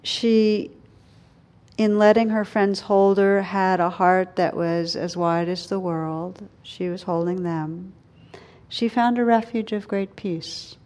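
A woman speaking as a meditation teacher in a dharma talk. Her voice sits at a middle pitch. She talks gently and reflectively, letting her words slow and soften into quiet pauses. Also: steady tone.

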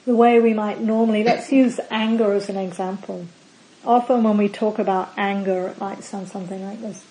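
Giving a dharma talk to a group, a female meditation teacher speaks calmly and with measure, offering words one by one as their endings fade out. Her pitch is medium, and the recording is rough.

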